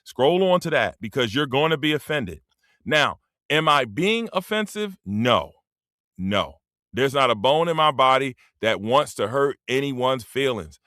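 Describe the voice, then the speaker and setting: A man's voice: medium pitch, animated, unhurried, a bit bright, no echo, clean studio sound. A man around fifty, talking bluntly and profanely in a rambling casual monologue as a streamer, full of slang. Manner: drops into dialect slang.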